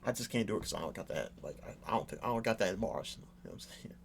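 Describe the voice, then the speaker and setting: A man's voice: deep voice, expressive, racing, vocal fry, a little hiss or hum. A young man giving casual reaction commentary, rambling with many fillers and repeated asides to the viewer. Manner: rambling, many fillers and "you know what I'm saying".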